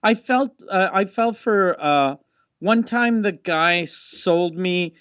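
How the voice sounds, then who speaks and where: A man on a casual comedy podcast telling a halting, exasperated story with many pauses and swearing, heard through a dull, dry mic. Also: high-pitched, a bit bright, clean tone, no echo. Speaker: podcast co-host.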